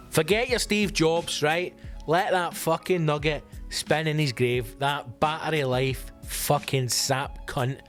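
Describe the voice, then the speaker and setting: A Scottish man hosting a solo comedy podcast, swearing and ranting in an excitable, animated way. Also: medium pitch. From Scotland. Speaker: podcast host.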